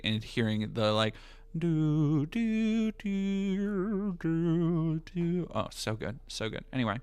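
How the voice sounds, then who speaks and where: A man's voice: mid-range voice, a bit bright, clean tone. A man streaming live, chatting casually, joking and swearing as he rambles.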